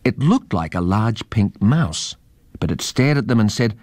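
A man reading a children's story aloud in a measured, expressive way. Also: on the low side, dry recording.

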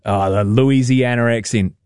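Mellow-voiced enthusiastic male radio host. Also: medium pitch, steady tone, normal speed, smooth, dry recording, clean studio sound. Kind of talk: radio interview.

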